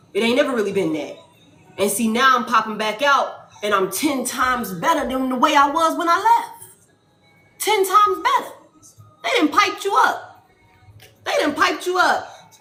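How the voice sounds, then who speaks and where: High-ish voiced woman doing a tarot reading, swears a lot, repeats herself, echoey room w/ faint music. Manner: animated, profane, repeats lines for emphasis. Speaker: tarot reader.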